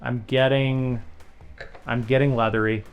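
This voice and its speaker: A man's voice: medium pitch, flat delivery, a little slow, soft background music. A man joining a casual wine tasting, making dry, understated remarks. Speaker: tasting guest.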